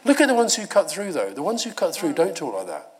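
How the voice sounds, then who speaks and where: A man's voice: high-pitched, fast talker. A middle-aged man from Britain, a guest speaker answering audience questions in a live university talk, telling stories and mimicking voices. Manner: animated storyteller, laughs and mimics voices. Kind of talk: live Q&A conversation. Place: university lecture hall.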